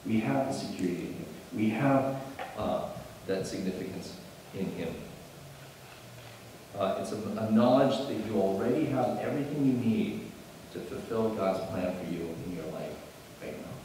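Low-voiced guy pastor preaching, gets loud and excited, restarts a lot, big echoey church hall, faint background hum. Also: moderate pace. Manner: animated, rising to emphatic bursts, with restarts. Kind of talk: sermon. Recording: echoey hall, mic at a distance.

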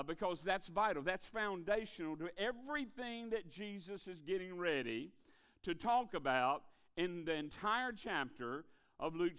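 A man preaching a revival sermon in a church, telling jokes in a folksy, animated way. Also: sits high, clean tone. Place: church sanctuary.

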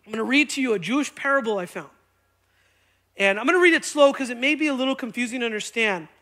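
High, bright-voiced male preacher. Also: fast. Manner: energetic, conversational, keeps asking "right?". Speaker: pastor. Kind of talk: sermon. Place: church sanctuary.

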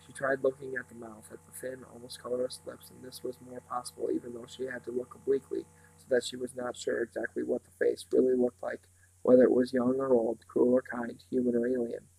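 A man reading a novel aloud in a steady, unhurried way, now and then slipping and starting a phrase over. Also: mid-range voice, vocal fry, breathy edge, low-quality recording. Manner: steady, unhurried reading with small slips and restarts. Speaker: reader.

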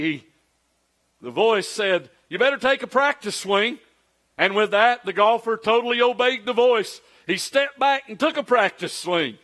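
A man's voice: sits high, bright, forceful tone. A man, a pastor preaching a conversational sermon full of rhetorical questions.

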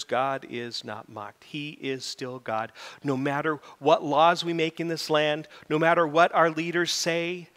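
Animated middle-aged male preacher, bright. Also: on the high side. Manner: animated preaching, rising to loud emphatic peaks. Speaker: pastor. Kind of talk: sermon. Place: church sanctuary. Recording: reverberant church hall.

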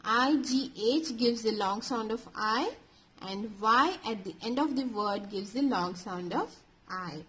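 A woman teacher giving a slow, clear phonics lesson to children, repeating each point. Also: on the high side, fairly bright tone. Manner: slow, clear, repetitive explaining.

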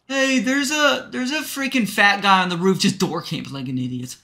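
A young man streaming a survival game, excitable and trolling, jumping between yelling and muttering. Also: sits high, normal speed. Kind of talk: livestream gaming chatter.

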